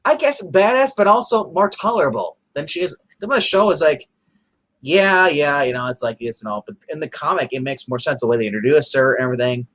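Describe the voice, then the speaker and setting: A man co-hosting a casual comic review chat, excitable and rambling, often restarting his sentences. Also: a little high, fairly quick.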